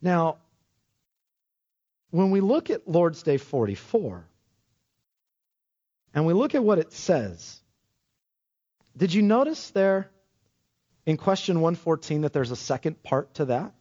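Guy preaching in church, kinda high voice, muffled old recording. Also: takes it slowly, pauses often. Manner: animated preaching with emphatic rising lines. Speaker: pastor. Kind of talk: sermon. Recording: dull lo-fi sermon recording.

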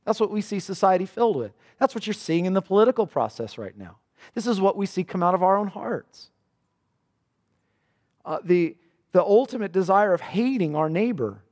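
A man preaching a sermon in earnest. His pitch rises for questions and drops low and slow for solemn passages. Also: very animated, a little mellow. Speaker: pastor. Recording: long reverb of a church hall.

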